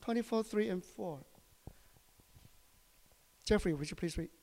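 A high-pitched man with a Taiwanese accent preaches in a church, his English halting as he keeps tossing questions to the congregation. His voice rings out with a long reverb through the hall. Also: mellow. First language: Chinese. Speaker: pastor. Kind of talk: sermon.

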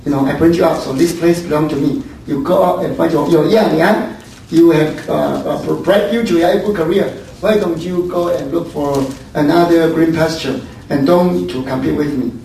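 A man doing Abraham, an elderly patriarch uncle, reasoning with his nephew in a coaxing, persuasive way and checking in with "yeah?" as he goes. The voice sits a little high and comes from a distant mic in a very echoey room with faint noise underneath. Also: moderate pace, creaky, mellow. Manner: pleading, asks repeated "yeah?".

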